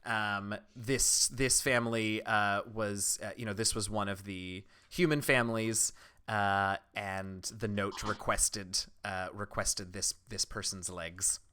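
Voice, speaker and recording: Bright-voiced man running a tabletop game. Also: fairly low pitch, fairly even intonation, takes it slowly, clear, resonant tone. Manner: rambling, filler-heavy, self-correcting. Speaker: game master.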